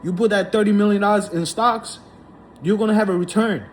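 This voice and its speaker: A man with a notably high-pitched voice holds forth in a heated, indignant monologue. He circles back over the same points again and again, stacking up repetitions as he goes. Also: steady tone, brisk, a little hiss or hum. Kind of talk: ranting monologue to camera.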